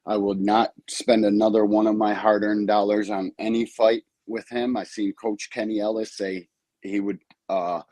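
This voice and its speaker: A man calling in to a live show, speaking earnestly and in measured phrases. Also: lowish voice, level tone, dark tone, dry recording. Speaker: caller. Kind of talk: call-in chat.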